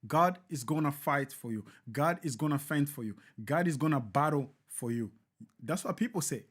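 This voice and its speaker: A man's voice: a little high, lively intonation, moderate pace. A man hosting a live show, giving emphatic, repetitive, preacher-like commentary.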